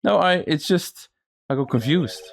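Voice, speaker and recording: A man's voice: a little high, lively intonation, measured pace, gravelly, a little hiss or hum. A man reading a courtroom game aloud and doing every character's voice himself, sometimes stumbling over words. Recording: faint music behind.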